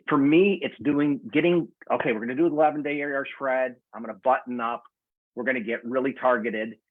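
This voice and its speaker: A man's voice: medium pitch, husky, no echo. Enthusiastic man in his sixties on a video call. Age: 60s. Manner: enthusiastic storytelling. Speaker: community member. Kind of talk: casual video call chat. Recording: tinny phone-like audio.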